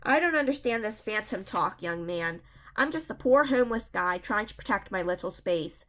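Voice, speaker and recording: A scowling, hoarse-voiced man in his fifties guards his hiding place, as a woman reads him aloud. He talks angrily and defensively at a middle pitch, in a storybook reading. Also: expressive, normal speed, a bit bright, lightly acted. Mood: weary. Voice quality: hoarse whisper. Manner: angry, defensive.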